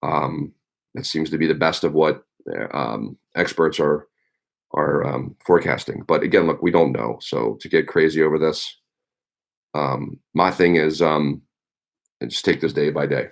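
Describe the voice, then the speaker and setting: A man's voice: very deep voice, a little slow, vocal fry. A man, a teacher, chatting casually on a livestream, rambling with lots of ums and you-knows.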